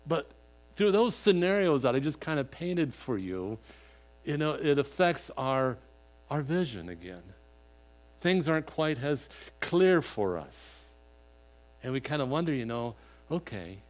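An older grandfather and pastor preaching, telling a rambling personal story full of "you know" and getting animated when he retells what was said. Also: on the high side, unhurried. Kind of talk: sermon with folksy personal story.

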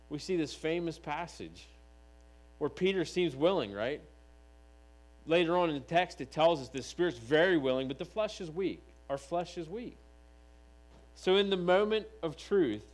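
A man preaching a sermon, reading scripture aloud and voicing the figures of the text with animated delivery. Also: fairly high pitch, moderate pace, rough recording. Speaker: pastor.

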